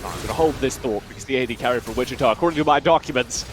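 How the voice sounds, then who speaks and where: A young man doing live play-by-play commentary on an esports match, upbeat and joking, his voice a little hoarse. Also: medium pitch, racing, noisy background. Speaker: esports caster.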